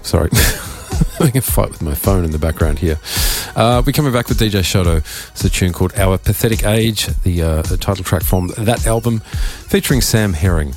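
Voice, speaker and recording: Man, Australian accent, very low voice, croaky, rambling radio chat, soft music behind. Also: a little fast, hardly any pauses. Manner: rambling, offhand, self-mocking. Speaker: radio DJ host. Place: radio studio.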